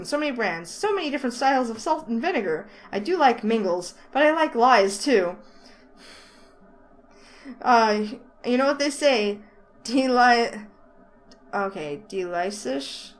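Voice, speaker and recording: A woman's voice: fairly high pitch, poor audio. A woman reading a visual novel aloud in the first person, breaking off for chatty, giggly asides about the script. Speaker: let's play host.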